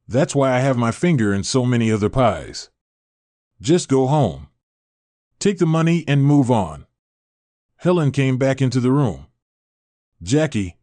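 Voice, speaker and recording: A man's voice: mid-range voice, darkish tone, no echo. A man reading a scripted story aloud, narration and dialogue alike in one voice, with the same lines repeated over and over. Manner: reads every character in one voice, barely changing it.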